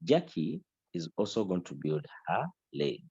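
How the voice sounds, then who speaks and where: Man, middle-aged, coaching a team; emphatic and repetitive, low husky voice, dull dry sound. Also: big pitch swings, a little slow, dark tone, no echo. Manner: emphatic, repetitive, mixes in local language. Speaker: business trainer. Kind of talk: motivational training talk.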